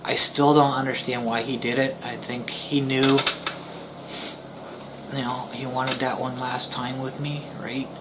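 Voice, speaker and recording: A man speaking at a middle pitch, telling a personal story to his viewers. His delivery is halting and soft, full of pauses and restarts, and it sinks now and then to a near-whisper. The tone is somber and grieving. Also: little pitch movement, heavy background noise. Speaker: YouTuber.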